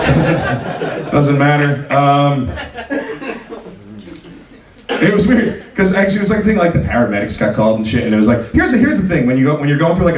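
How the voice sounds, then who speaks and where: High-voiced comedian in an echoey club. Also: male voice. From New Jersey. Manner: conversational, with sudden loud rants. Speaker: stand-up comedian. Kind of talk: stand-up comedy set. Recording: roomy club sound, voice from a distance.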